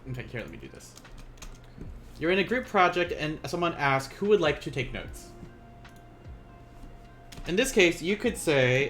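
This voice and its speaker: A man teaching a beginner Japanese lesson on a live stream, chatty and quick to laugh, often correcting himself mid-sentence. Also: medium pitch, fairly bright tone.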